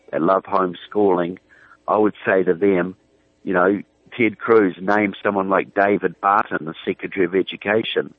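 Emphatic New Zealand-accented guest, lowish voice, heard over a tinny phone. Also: male voice, no echo. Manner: emphatic, repeats words when starting a point. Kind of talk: political talk radio. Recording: tinny dry phone line.

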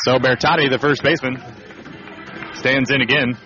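A man calling baseball play-by-play for radio, relaxed and conversational, with asides between pitches. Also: moderate pace, over music. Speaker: play-by-play announcer. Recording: slightly muffled radio broadcast.

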